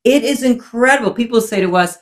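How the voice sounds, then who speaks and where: A woman's voice: on the high side, fairly quick. A woman, a guest author, talking in a reflective, faith-centered way in casual conversation. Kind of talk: casual chat.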